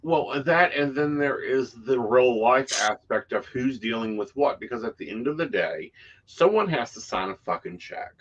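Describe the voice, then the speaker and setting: A man's voice: medium pitch, lively intonation, normal speed, dull audio. A man co-hosting a casual chat about psychic life, blunt and free with swear words. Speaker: psychic co-host.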